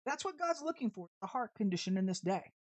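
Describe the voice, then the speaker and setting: A woman's voice: medium pitch, very animated, fast, no room sound. A woman preaching an informal sermon full of storytelling, talking in a brash, sassy and emphatic way.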